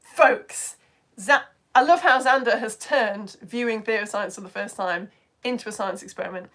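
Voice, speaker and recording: A British woman, a physics teacher, chatting brightly on a live-stream lesson and hopping between asides. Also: medium pitch. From United Kingdom. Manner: bubbly, chatty, jumps between topics, quick asides. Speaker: physics teacher and livestream host.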